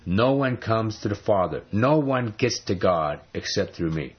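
A man's voice: lowish voice, lively intonation, normal speed, slightly rough, dull audio. A man teaching from the Bible in a conversational sermon, emphatic and full of rhetorical questions. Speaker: preacher.

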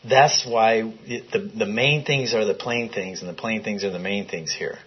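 A man with a slightly husky voice teaches scripture to a small group in a room. He reads passages aloud and keeps stopping to put questions to his listeners. The recording sounds muffled and lo-fi. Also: lowish voice, moderate pace. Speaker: Bible study teacher. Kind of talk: interactive Bible teaching. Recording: dull lo-fi recording.

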